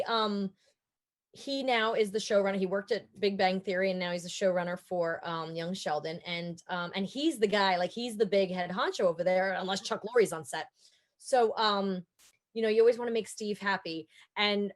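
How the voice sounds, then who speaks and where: A woman in her forties with an American accent, a guest actor in a casual interview, chatting and telling stories with lively quoted asides. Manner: chatty storyteller, acts out quotes in higher voices.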